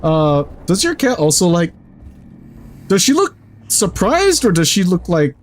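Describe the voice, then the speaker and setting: A man's voice: high voice, big pitch swings, unhurried. A man streaming a game, chatting casually in a rambling, jokey way and swearing freely.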